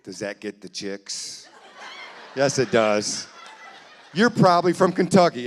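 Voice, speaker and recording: A man's voice: medium pitch, big pitch swings, a little hiss or hum. Man teasing a live church crowd. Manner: teasing, quick banter with audience members. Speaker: comedian working the crowd. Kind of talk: live stand-up crowd work. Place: church hall with live audience.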